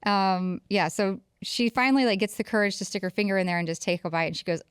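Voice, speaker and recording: A woman's voice: medium pitch, fast talker, hardly any pauses, smooth. A woman in her thirties co-hosting a podcast, telling a story about her kids in casual chat and acting out their lines. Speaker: podcast co-host.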